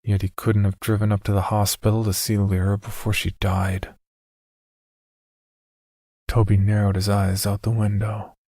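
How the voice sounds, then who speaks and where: Deep, flat, gravelly male horror narrator. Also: moderate pace, pauses often, no room sound, clean studio sound.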